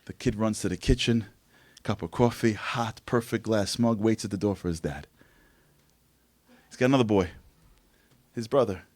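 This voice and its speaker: A man giving a religious motivational talk, telling stories in an animated way and acting out voices. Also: on the low side, normal speed, pauses often, no echo. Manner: animated storytelling, acts out voices. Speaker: speaker.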